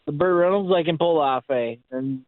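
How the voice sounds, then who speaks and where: Laid-back caller drawling over a tinny phone line. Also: male voice, fairly high pitch, normal speed, no room sound. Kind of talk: call-in radio chat.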